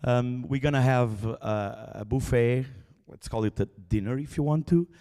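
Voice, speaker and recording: A man's voice: medium pitch, measured pace, warm tone. A man with a Portuguese accent giving loose, joking closing remarks as an event organizer on stage. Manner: loose, joking, reads long name lists. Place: large conference auditorium. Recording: echoey hall with crowd behind.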